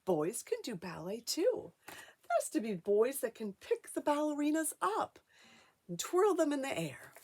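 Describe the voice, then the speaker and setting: A woman's voice: high-pitched, huge pitch swings, measured pace, darkish tone. A middle-aged woman giving a show-and-tell lesson to young children, talking in an exaggerated sing-song way and asking them questions. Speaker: children's teacher.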